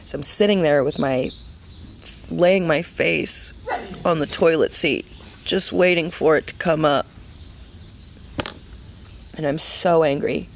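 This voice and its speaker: A woman's voice: low-pitched, slow pace, creaky, long pauses, a little hiss or hum. A woman in her thirties giving a personal faith testimony in an earnest, conversational way, full of fillers and restarts. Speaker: women's ministry speaker.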